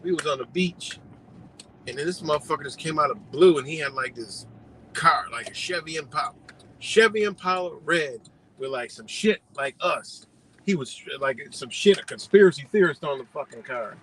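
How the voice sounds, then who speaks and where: A man hosting a live stream, telling a story in a loose, profane, animated way and laughing often. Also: on the high side, normal speed, a little hiss or hum, low-quality recording. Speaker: livestream host.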